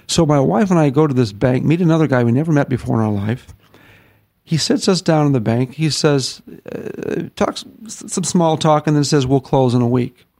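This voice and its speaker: A middle-aged man from the northern United States, a ministry founder telling his story in an interview, folksy and animated, acting out the quotes. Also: mid-range voice, normal speed, gravelly, dry recording.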